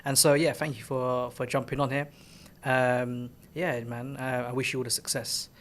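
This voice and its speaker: A man's voice: medium pitch, flat delivery, normal speed. A man hosting a podcast, wrapping up casually with encouraging words and plenty of fillers. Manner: warm, encouraging, many fillers. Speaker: podcast host, trading educator. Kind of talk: casual chat.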